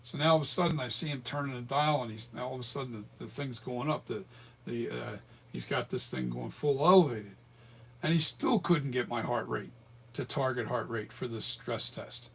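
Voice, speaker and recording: Hoarse older guy in his 60s, husky throat, rambling story, keeps correcting himself. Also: mid-range voice, normal speed, fairly bright tone. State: hoarse from a breathing tube. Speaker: latex mask and prop maker. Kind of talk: casual storytelling vlog.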